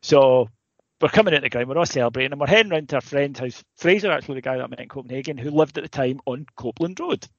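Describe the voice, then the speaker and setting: A man's voice: mid-range voice, lively intonation, fast, no room sound, highs cut off. A man, co-hosting a podcast and telling a long anecdote in casual chat, swearing freely and checking in with "right?". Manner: swears freely, builds a story with asides and repeated "right?". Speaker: podcast co-host.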